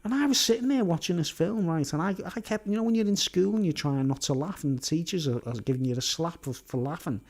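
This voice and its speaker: Man, chatty rambling storyteller, slightly high pitch. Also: quick pace, few pauses. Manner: rambling, filler-heavy, laughs often. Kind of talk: rambling casual monologue.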